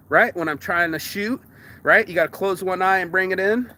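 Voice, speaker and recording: A man hosting a casual motivational monologue, rambling and profane, with wide swings in pitch for emphasis. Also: moderate pace, sharp tone. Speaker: host.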